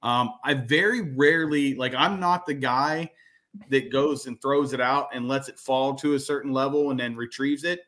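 A man's voice: medium pitch, moderate pace, a bit bright. A man co-hosting a podcast in casual chat, explaining at length and starting sentences with "so". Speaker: podcast co-host.

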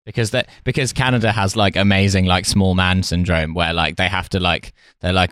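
A man's voice: low-pitched, fairly quick, few pauses, a bit bright, clean tone, dry recording, studio quality. A man in casual podcast chat, joking and swearing with friends. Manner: sweary, jokey, trails off into asides.

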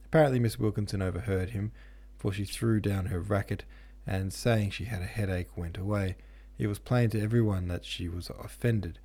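Deep husky male audiobook narrator. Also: steady tone, normal speed, hardly any pauses, warm tone. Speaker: podcast host and audiobook reader. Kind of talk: scripted narration of a classic novel.

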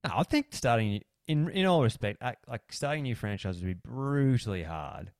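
A man's voice: medium pitch, lively intonation, normal speed, darkish tone, no room sound, studio quality. An Australian man co-hosting a podcast in casual chat, rambling and jokey, laughing often. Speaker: podcast co-host.

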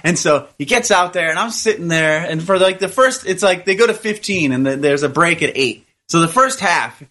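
A man co-hosting a casual talk show, telling an animated story and acting out the people in it. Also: high-pitched, moderate pace. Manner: animated storyteller, acts out voices in quotes. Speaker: podcast co-host.

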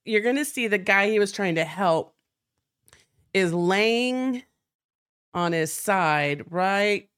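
Female podcast co-host, mid-pitch, casual storyteller who acts out quotes, dry sound. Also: lively intonation, slow, long pauses, a bit bright, clean tone, dry recording. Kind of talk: casual chat.

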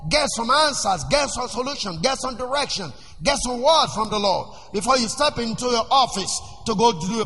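A man preaching a sermon as pastor, emphatic and repetitive, rising into shouts. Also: very high voice. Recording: long church reverb.

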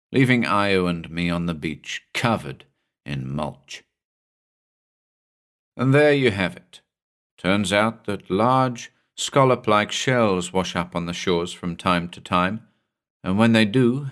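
A man narrating a horror story in a measured, dramatic way. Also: deep voice, fairly bright tone. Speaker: narrator and host.

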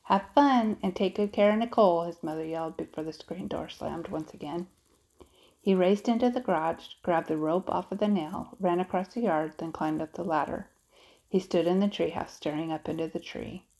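Low, gravelly woman narrating. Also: fairly even intonation, normal speed, warm tone, rough recording. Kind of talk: audiobook narration.

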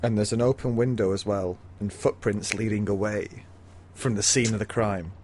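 A man's voice: lowish voice, fairly even intonation, normal speed, darkish tone, a little hiss or hum. A man co-hosting a casual book podcast, summarizing the plot with dry understatement. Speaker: podcast co-host.

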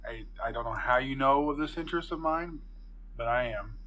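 A man's voice: fairly high pitch, animated, brisk, pushed and bright, slightly rough, heavily acted, rough recording. A man playing a nervous young male college student who talks hesitantly and stammers. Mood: cautious.

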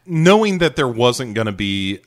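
A man's voice: medium pitch, big pitch swings, moderate pace, no echo. Man, podcast co-host, hesitant, thoughtful, dry close mic. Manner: hesitant, many fillers and restarts. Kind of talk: casual TV review chat.

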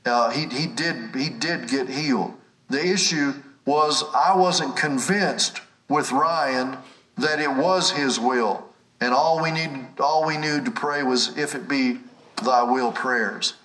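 A man's voice: medium pitch, slow pace, a bit bright, recorded from a distance, low-quality recording. A man preaching a healing sermon with fervent emphasis, repeating key phrases for stress. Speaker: preacher teaching a healing class. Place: away from his usual setting, near an airport.

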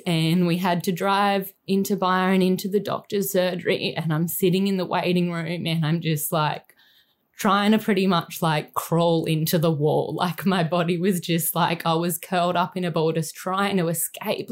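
A woman in her thirties with an Australian accent, telling a painful personal story in a candid, halting and emotional way, full of fillers. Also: fairly low pitch, fairly even intonation. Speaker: guest sharing a personal story.

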